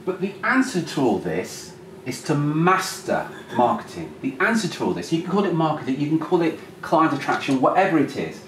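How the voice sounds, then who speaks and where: A man presenting a live seminar to a room, lively and acting out phone calls. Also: on the high side, moderate pace. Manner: animated, acts out phone calls. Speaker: workshop presenter. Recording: roomy, distant mic, faint noise.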